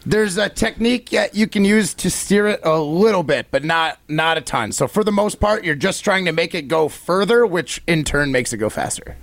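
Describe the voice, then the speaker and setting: A man's voice: fairly high pitch, animated, normal speed, few pauses, a bit bright, dry recording. A man co-hosting a sports radio show, laid-back, with dry humor. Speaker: radio co-host, Olympic curler. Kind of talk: casual sports radio banter. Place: radio studio.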